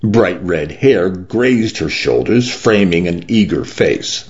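A man giving slow, measured audiobook narration. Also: low-pitched, lively intonation, highs cut off.

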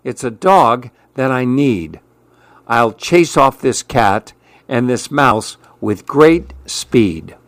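A man reading aloud gives us a grumpy, solitary storybook man who insists on being left alone. His lines come fussy and exclaiming, at a slow pace, in a dry, close recording with no room sound. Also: medium pitch, lively intonation, dry recording. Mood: frantic.

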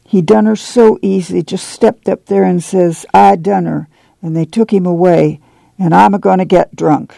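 A man reads as a weary farmer weighed down by guilt, his words coming in a sad, slow drawl. The voice is deeply gravelly and dark in tone, recorded dry and close. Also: steady tone, no room sound, full character voice. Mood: sorrowful. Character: remorseful weary middle-aged farmer man.

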